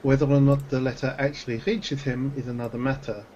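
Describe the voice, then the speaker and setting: A man playing in a tabletop game, talking slowly and carefully with many hesitations. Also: mid-range voice, little pitch movement, warm tone, highs cut off, slight background noise. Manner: hesitant, full of ums and long careful sentences. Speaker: player. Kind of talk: tabletop game role-play chat.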